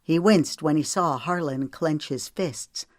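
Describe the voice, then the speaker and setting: A woman narrating an audiobook in a steady, measured reading style. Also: low-pitched, dry recording, studio quality.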